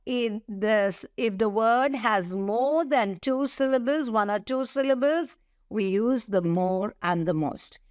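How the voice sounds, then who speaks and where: A middle-aged woman teaching an English grammar lesson, slowly listing words and spelling out letters. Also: mid-range voice, no echo, studio quality. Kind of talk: slow, deliberate grammar lesson.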